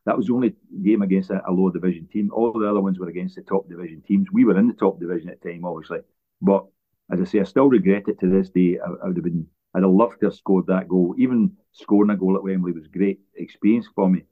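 A Scottish former footballer tells long stories in a relaxed interview, often restarting his sentences as he goes. His voice sits very low. The sound is thin and phone-like. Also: fast. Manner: rambling anecdotes with frequent restarts. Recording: tinny phone-like line.

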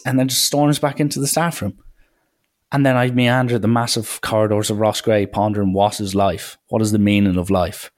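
A man, a podcast host telling coaching stories in a casual, animated way and acting out the people he quotes. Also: normal speed. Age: 20s. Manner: animated, acts out quoted people with big pitch jumps. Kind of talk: casual storytelling monologue.

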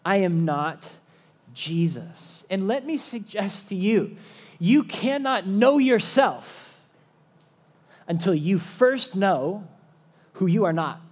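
A man preaching a sermon, slow and emphatic with dramatic pauses. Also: sits high, lively intonation. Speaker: pastor.

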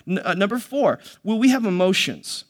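A man's voice: high-pitched, big pitch swings, normal speed. A male pastor preaching a sermon, teaching earnestly with many fillers and restarts and reading scripture aloud.

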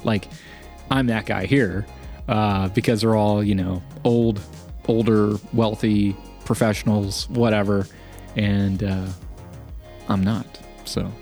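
A man's voice: on the low side, slow, faint music behind. A man in early middle age co-hosting a podcast, telling self-deprecating stories in casual chat and acting out the people in them. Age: young adult. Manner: storytelling, self-deprecating, animated impressions. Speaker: podcast co-host.

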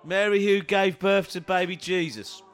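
A man's voice: high-pitched, steady tone, moderate pace, clean tone. A man co-hosting a rowdy comedy podcast, teasing his partner and breaking into shrieking laughter. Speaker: podcast co-host. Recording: faint music behind.

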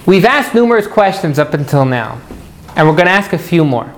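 A man teaching a live class, animated and jokey, putting questions to his students. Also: on the high side, fairly quick.

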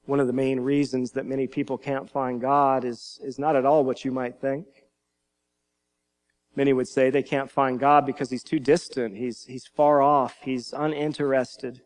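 A man's voice: medium pitch, level tone, moderate pace. A male pastor preaching a sermon in an earnest teaching manner, now and then repeating a word as he goes.

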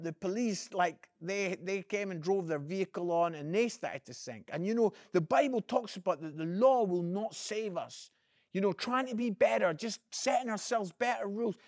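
A high-pitched male evangelist records an earnest, inspirational video message, calling the listener "friend." He's energetic, swinging between loud emphasis and quiet moments, and the studio-quality audio has no room sound.

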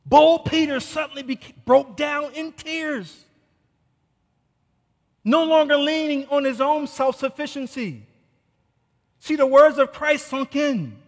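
High-pitched guy preaching a sermon, goes big and loud then drops real quiet, long echo in a hall. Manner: dramatic, swings from loud declarations to hushed asides. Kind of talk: expository sermon on scripture.

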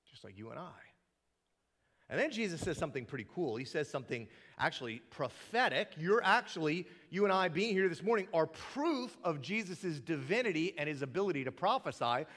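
A man preaching a sermon in a church sanctuary, and he acts out the scripture with a lot of drama. His voice sits a touch high and leaps widely from low murmurs to excited peaks. A long reverb from the big hall trails after every phrase. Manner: animated, dramatic delivery acting out scripture quotes. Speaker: pastor.

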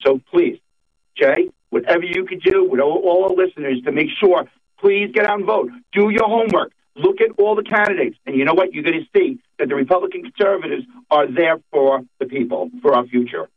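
A man's voice: a little high, a little fast. Emphatic New man on a phone line. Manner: emphatic campaign talk, repeats phrases. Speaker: political candidate guest. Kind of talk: phone-in radio interview.

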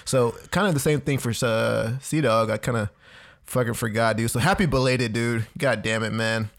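A man's voice: medium pitch, moderate pace, vocal fry. Laid-back man saying dude. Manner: laid-back, says dude a lot, swears, laughs along. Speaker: podcast co-host. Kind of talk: casual chat.

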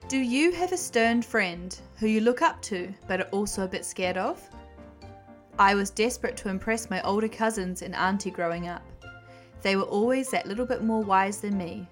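Gentle woman storyteller reading a children's book aloud, faint music behind. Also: medium pitch, moderate pace.

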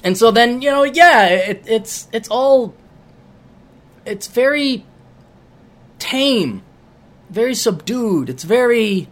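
A man hosting a podcast, talking in a sarcastic, rambling monologue with animated mock rants. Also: very high voice, slow pace, pauses often. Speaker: podcast host. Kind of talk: casual monologue.

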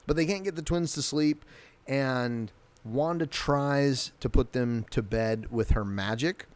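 A man's voice: mid-range voice, unhurried. Casual man recapping a TV episode. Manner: rambling, self-correcting, acts out quotes.

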